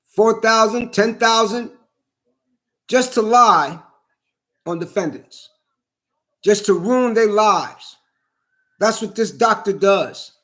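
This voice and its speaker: A man's voice: sits high, fairly bright tone. A man delivering a heated, indignant vlog monologue, repeating himself and swearing often. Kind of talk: angry personal vlog monologue.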